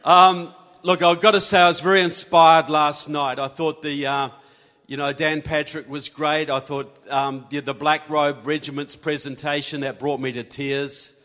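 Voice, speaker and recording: A man's voice: a little high, level tone, moderate pace, bright, forceful tone. New Zealand man speaking in a hall. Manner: folksy, jokey, earnest. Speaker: guest speaker. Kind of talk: speech to a live audience. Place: large hall. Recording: hall reverb.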